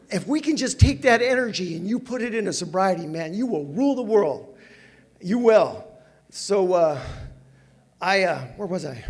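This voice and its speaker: Animated high-voiced older man telling stories. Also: unhurried, long pauses, husky. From Southern California. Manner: animated, laughs often, self-mocking. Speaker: recovery meeting speaker. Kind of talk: personal storytelling talk. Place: meeting hall with audience.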